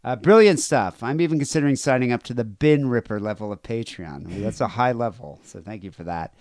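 A man's voice: medium pitch, a little fast, darkish tone, no room sound, clean studio sound. A man hosting a podcast in casual chat, rambling and crude, reading listener emails aloud. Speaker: podcast host.

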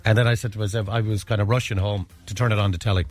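A man's voice: lowish voice, rapid-fire. A middle-aged Irish man hosting a radio show, chatting casually and telling rambling stories. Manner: rambling storyteller, animated. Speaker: radio host.

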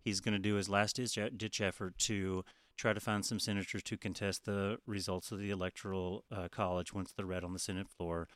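A man's voice: low voice, little pitch movement, a little fast, fairly bright tone, no echo. A man co-hosting a podcast in a casual, profane, chatty way, often laughing. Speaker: podcast co-host. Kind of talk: casual chat.

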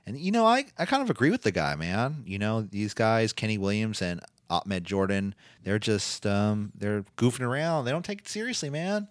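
Male podcast host, low register, loose filler-heavy recap delivery, dry close mic. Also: sing-song, moderate pace, hardly any pauses, no room sound. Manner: rambling, filler-heavy play-by-play with frequent restarts. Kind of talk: casual chat.

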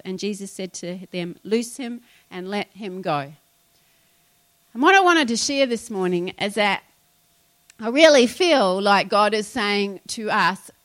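A woman's voice: mid-range voice, fairly bright tone. A woman pastor, preaching a sermon in a conversational way and retelling scripture with asides.

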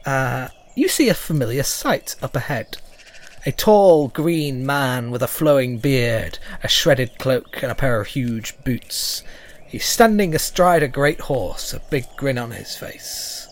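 A man's voice: medium pitch, expressive, slow. A man narrating as game master, chatty, with many fillers.

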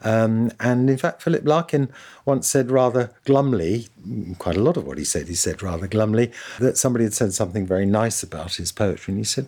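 A man's voice: on the low side, a little fast, warm tone. A man being interviewed as an author, talking in a reflective, digressive way and spinning wry anecdotes. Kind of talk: reflective conversational storytelling.

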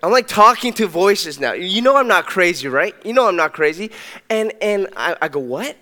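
A young adult male pastor telling a personal story in a sermon, animated and conversational, with many restarts. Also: high-pitched, moderate pace. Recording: long hall reverb.

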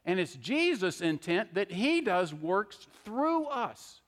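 High-voiced pastor preaching. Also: male voice, very animated, slow pace, a bit bright. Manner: conversational preaching with frequent "okay?" asides. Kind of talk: sermon. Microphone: handheld microphone. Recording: long hall reverb.

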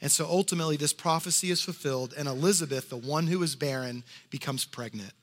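A man preaching a sermon as pastor, talking in a conversational way and dropping to soft hushed tones for emphasis. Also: fairly high pitch, fast talker, big-room sound. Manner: conversational asides.

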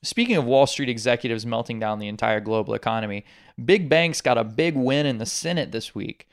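Sarcastic gravelly male podcast host. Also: mid-range voice, a little fast. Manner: sarcastic, animated commentary. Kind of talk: casual political chat.

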